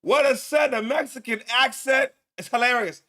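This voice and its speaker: Loud high-voiced man hosting a show. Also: moderate pace. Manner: loud, profane, laughing, repeats words. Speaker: show host. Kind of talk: casual commentary on news clips.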